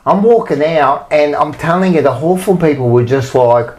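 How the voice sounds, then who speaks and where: A man's voice: a little high, normal speed, darkish tone. An Australian man co-hosting a podcast, ranting emphatically with swearing and rambling asides. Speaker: podcast co-host. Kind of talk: heated casual rant.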